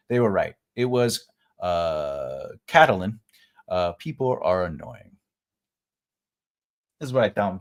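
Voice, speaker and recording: A man's voice: sits low, lively intonation, slow, pauses often. Guy running a live writing class, goofy and rambly, laughs a lot, voice jumps all over. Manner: jokey, laughs often, rambling. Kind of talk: live-stream chat reading comments.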